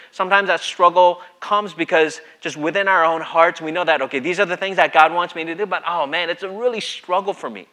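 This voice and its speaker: Conversational pastor, a man, higher voice. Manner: conversational, acts out scripture with lively voices. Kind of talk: sermon.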